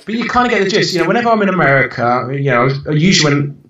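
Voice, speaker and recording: Man, thirties, podcast guest, sweary and animated, roomy sound, mic a little distant, dull lo-fi audio. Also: a little high, rapid-fire. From United Kingdom. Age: 30s. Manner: blunt, sweary and animated, with frequent restarts. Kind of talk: casual interview chat.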